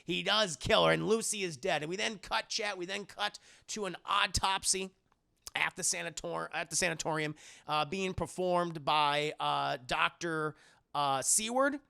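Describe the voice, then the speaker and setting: A man giving a rambling, profane, animated spoken film recap as a streamer. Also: high voice, measured pace, vocal fry, smooth. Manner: rambling, profane, animated, many fillers and restarts.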